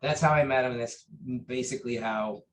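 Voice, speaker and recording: A man recounting memories of his teacher in an interview, earnest and halting, with many fillers and restarts. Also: mid-range voice, a little hiss or hum, low-quality recording. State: briefly choked up. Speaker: interview guest, taekwondo master. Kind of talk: conversational storytelling.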